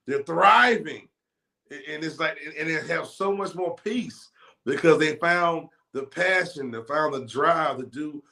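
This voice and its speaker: Man, fairly high voice, host, laid-back, rambling. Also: a little slow, gravelly, pushed and bright. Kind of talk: casual interview chat.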